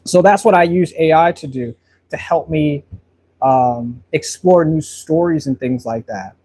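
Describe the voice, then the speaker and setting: A man's voice: on the high side, a little slow, a little mellow, breathy edge. A man painting on a livestream, talking in a loose, long-winded way, full of fillers. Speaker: painter livestreaming his work. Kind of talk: casual rambling talk while painting.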